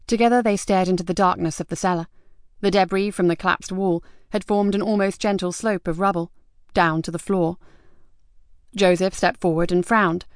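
A woman reads an audiobook crime novel in a measured, expressive way. Her voice is smooth and somewhat low. It is recorded close in a dry booth with no room echo. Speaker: audiobook narrator. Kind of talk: scripted narration. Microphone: close studio mic.

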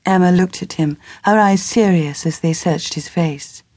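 Breathy, low-voiced woman narrating a novel. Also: darkish tone, no echo. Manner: measured storytelling. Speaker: audiobook narrator. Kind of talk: scripted narration.

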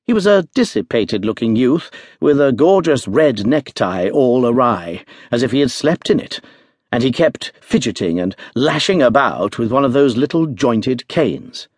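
A man giving an expressive scripted narration of an audiobook. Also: mid-range voice, moderate pace, husky, no echo, clean studio sound. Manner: expressive storytelling.

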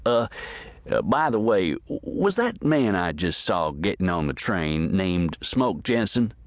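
A man voicing a hate-filled male stranger in a western audiobook, who talks haltingly with a drawl. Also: low-pitched, sing-song, no echo, heavily acted.

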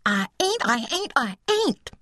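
A woman voicing an excited, frantic little boy who talks breathlessly and insistently in an audiobook. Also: fairly high pitch, a little slow, no echo, studio quality, voice pushed up, full character voice.

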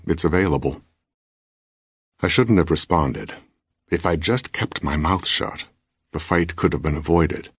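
Brief: male narrator, very deep and husky, wry measured first-person read, dry booth. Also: dry recording. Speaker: audiobook narrator. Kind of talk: scripted narration. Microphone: close studio mic.

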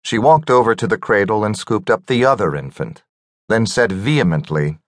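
A man narrating a fantasy audiobook in a measured, gentle storytelling manner. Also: lowish voice, lively intonation, no echo, studio quality. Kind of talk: scripted narration.

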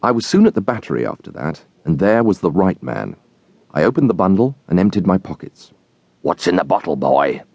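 A man narrating a classic novel as an audiobook, in an expressive storytelling manner. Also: low voice, a little fast, vocal fry, no room sound, highs cut off.

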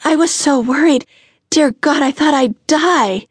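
A woman's voice: high-pitched, a little slow, no room sound, clean studio sound, voice pushed up. A woman narrator voicing Maggie, a young woman who is tearful and pleading with her lover. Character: grown woman Maggie, frantic then tender.

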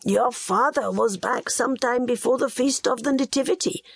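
A woman's voice: on the high side, moderate pace, vocal fry, breathy edge, no room sound, pitched above the performer's own voice. A woman narrator voicing an old female neighbour who reports news in a matter-of-fact way.

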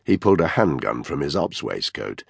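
A man reading a thriller audiobook in measured scripted narration. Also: rumbling low, big pitch swings, vocal fry, breathy edge, dry recording. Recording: dry close studio mic.

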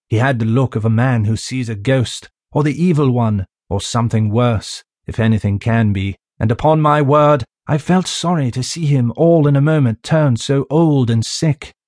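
A man's voice: mid-range voice, normal speed, few pauses, darkish tone, no echo. Man narrating an audiobook, dry and close. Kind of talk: scripted narration of a classic novel. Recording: dry close studio sound.

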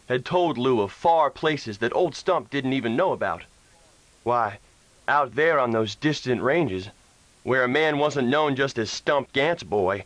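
A man narrating a western audiobook in a mid-pitched voice. His intonation rises and falls freely as he tells the story. The sound is close and dry, with no room around it. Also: fairly bright tone, dry recording, low-quality recording. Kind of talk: scripted narration.

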